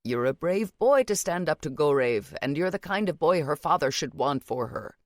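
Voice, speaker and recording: A woman voicing an affectionate, gently teasing grandmother over sixty. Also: low-pitched, animated, moderate pace, no room sound, clean studio sound. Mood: fond. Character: warm, mischievous old grandmother.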